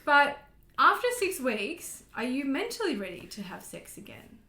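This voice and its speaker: A woman's voice: high voice, very animated, moderate pace, bright, forceful tone, echoey room. A woman co-hosting a podcast, reacting bluntly and swearing freely in casual chat. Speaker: podcast co-host.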